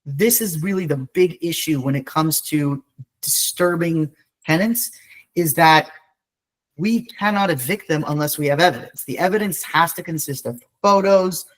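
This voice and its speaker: A man's voice: high voice, a bit bright, poor audio. A man, an eviction attorney, speaking on a video call in a blunt, wry, conversational way during a training webinar.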